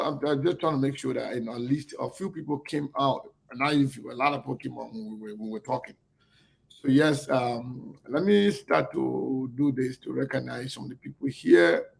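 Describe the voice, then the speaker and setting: A man hosting an online talk show in casual chat, halting and repeating himself as he greets viewers. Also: on the high side, vocal fry. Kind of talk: casual live-stream chat.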